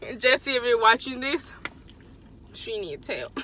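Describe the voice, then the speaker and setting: A young woman hosting a mukbang vlog, talking loudly and casually, laughing often and slipping into Spanish. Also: fairly high pitch, unhurried, a little hiss or hum, poor audio. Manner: loud, animated, laughs a lot, mixes in Spanish. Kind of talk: casual chat.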